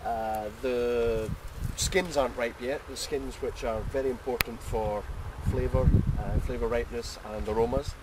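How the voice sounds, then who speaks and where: A Scottish man, a vineyard grower, explaining in a measured, matter-of-fact way during an outdoor chat. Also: medium pitch, fairly even intonation. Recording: distant mic outdoors, loud wind noise.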